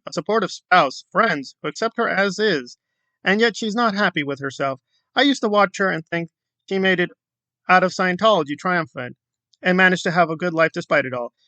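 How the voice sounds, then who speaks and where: A man rants on his own commentary channel in a bright, sharp voice, heavy with sarcasm and mockery. The recording is dry and close, with no room sound. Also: high voice, no room sound. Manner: sarcastic, mocking, emphatic.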